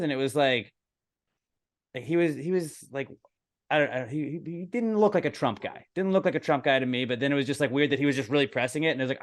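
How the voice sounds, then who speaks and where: A man co-hosts a casual podcast, rattling off a story at a quick clip. He rambles, restarts his sentences, swears freely, and slips into the voices of people he quotes. His pitch sits in an ordinary middle range. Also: fairly bright tone. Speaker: podcast co-host.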